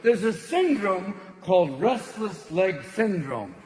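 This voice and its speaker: A male stand-up comedian doing a profane, manic set with rapid shifts in voice. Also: high voice, very animated, a little mellow, low-quality recording. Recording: live show with crowd and noise. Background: audience laughter.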